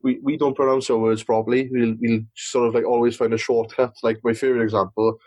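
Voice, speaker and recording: A man's voice: medium pitch, level tone, fast, a little mellow, no room sound, poor audio. A man with a South Welsh accent, a podcast guest in casual chat, rambling with many restarts. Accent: South Wales. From Swansea, Wales. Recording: dry close mic.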